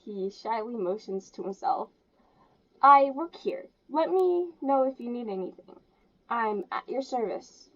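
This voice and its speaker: A woman's voice: a little high, expressive, measured pace. A woman voicing a shy, nervous young male café worker who speaks politely and apologetically. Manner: polite, apologetic, eager to help. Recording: dull lo-fi sound.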